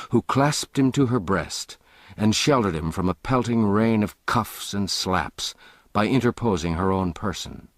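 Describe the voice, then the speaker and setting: A man narrating a classic novel as an audiobook, measured and expressive. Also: lowish voice, dry recording, studio quality.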